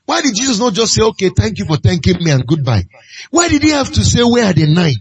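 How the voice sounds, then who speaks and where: A man's voice: sits high, big pitch swings, quick pace. A man preaching a sermon, pressing his point with repeated rhetorical questions. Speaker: pastor.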